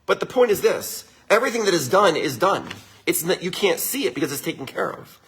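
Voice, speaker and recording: A man's voice: high voice, very animated, brisk, a bit bright, a little hiss or hum. A middle-aged man, a winery owner, giving a casual motivational talk to viewers in an upbeat, chatty way, often tagging his lines with a question. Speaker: winery owner hosting a livestream.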